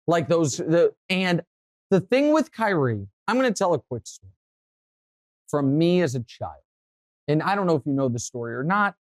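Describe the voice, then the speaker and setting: Animated male sports talk host. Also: a little high, dry recording. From Kansas City area, USA. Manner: animated storytelling, voice rising when worked up.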